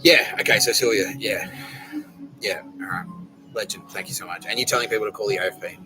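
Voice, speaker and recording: A man's voice: fairly low pitch, a little fast, over music, rough recording. A man hosting a podcast, rambling and swearing as he talks to unseen listeners. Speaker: podcast host. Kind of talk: casual monologue.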